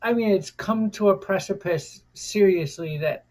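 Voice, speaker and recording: A woman's voice: mid-range voice, measured pace, darkish tone. An American woman vlogger giving an impassioned, defiant rant, cursing freely and repeating phrases for emphasis. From United States.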